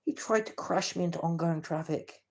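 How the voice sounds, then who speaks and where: A man's voice: fairly high pitch, moderate pace. Stammering, foul-mouthed man ranting on a live stream. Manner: stammering, repeats words and restarts sentences; coarse, confrontational, swears at people he names. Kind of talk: rambling live-stream rant.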